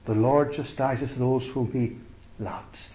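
Slow deliberate male preacher, lo-fi. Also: medium pitch, fairly even intonation. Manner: slow, deliberate preaching with rising emphatic peaks and soft trailing endings. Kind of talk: sermon.

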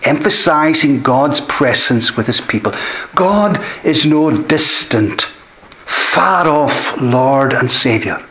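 A man's voice: mid-range voice, animated, slow pace, sharp tone. A man preaching a sermon, earnest and emphatic, often repeating key phrases for weight. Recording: echoey room.

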